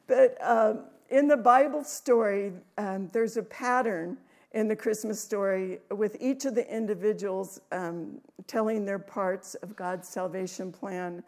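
A woman preaching in a church room, reading scripture with rising emphasis and adding chatty asides with soft laughs. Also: mid-range voice, a little slow.

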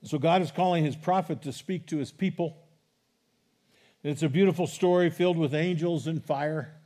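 Speaking at a moderate pace in a slightly high voice, a middle-aged pastor delivers a sermon. He rises to loud, animated emphasis when quoting scripture, then talks informally with the congregation between readings.

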